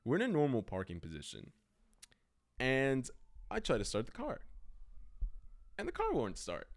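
Pitched fairly low, this young male podcast host speaks a little fast and pauses often. He rambles through a casual, animated story, saying "like" constantly.

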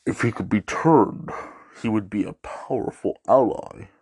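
Guy doing a cold dark lord voice, low n slow, quiet menace, barking orders. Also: husky. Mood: menacing. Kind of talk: movie impression in a review.

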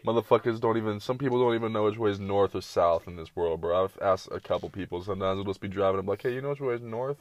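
Low-voiced man rambling with heavy profanity. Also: level tone, fast, hardly any pauses, no room sound. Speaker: streamer reacting to videos. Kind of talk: casual reaction commentary.

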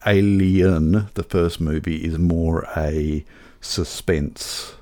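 A man with a very deep, low voice co-hosts a film podcast. He chats casually and pokes fun at himself, restarting and repeating words as he goes. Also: fairly even intonation, drawn-out words, warm tone. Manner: chatty, self-deprecating, repeats words. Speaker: podcast co-host.

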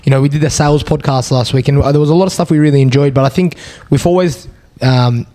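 A man's voice: medium pitch, fairly even intonation, fast, dark tone, a little hiss or hum. A young man, co-hosting a podcast, earnest and reflective, repeating himself as he thinks aloud. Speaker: podcast co-host. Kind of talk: casual chat.

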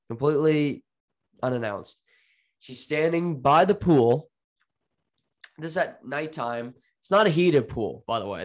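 A man co-hosting a casual podcast, retelling a TV episode in an easygoing storytelling way. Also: medium pitch. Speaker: podcast co-host. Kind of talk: casual chat recapping a TV episode.

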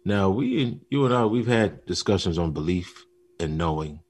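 Husky deep-voiced man telling stories. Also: normal speed. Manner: animated storytelling, acts out movie lines. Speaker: podcast co-host. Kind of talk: casual chat.

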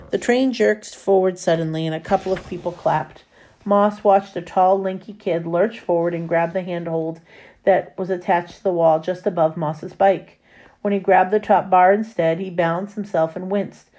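A woman reading a novel chapter aloud in a steady storytelling manner. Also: fairly low pitch, normal speed. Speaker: reader.

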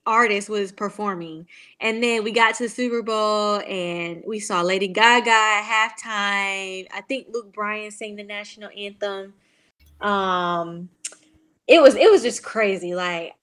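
A young woman guest on a podcast, chatting in a casual and excited way, with lots of likes and you-knows. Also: medium pitch. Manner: chatty, excited storytelling with many fillers. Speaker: guest, former pro cheerleader.

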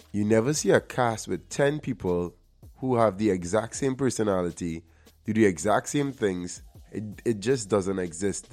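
A man's voice: deep voice, darkish tone. A man from Trinidad and Tobago hosting his show, giving an earnest motivational monologue with personal stories and the odd repeated word. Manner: earnest, storytelling, repeats words when emphasizing. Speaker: actor and show host. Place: LA area.

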